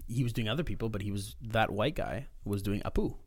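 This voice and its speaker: Casual podcast talker: man, quick delivery, gravelly fry, rambling style. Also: on the low side, no echo. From Canada. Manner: rambling, many fillers. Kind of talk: casual chat.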